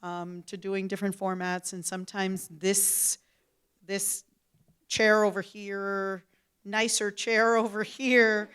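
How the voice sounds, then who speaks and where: A middle-aged woman speaking casually on a panel, relaxed, repeating words and adding playful asides. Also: medium pitch, slow, smooth.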